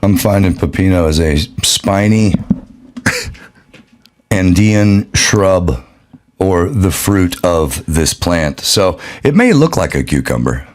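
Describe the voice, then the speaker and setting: A man's voice: low-pitched, expressive, takes it slowly. A man on a podcast chiming in, speaking in a dry, matter-of-fact way. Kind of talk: casual chat.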